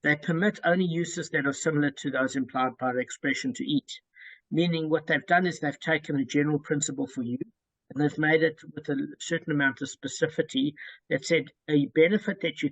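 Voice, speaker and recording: A man's voice: fairly high pitch, breathy edge, no echo, poor audio. A man leading a study group through a Talmud passage, explaining it step by step and often restating points with fillers.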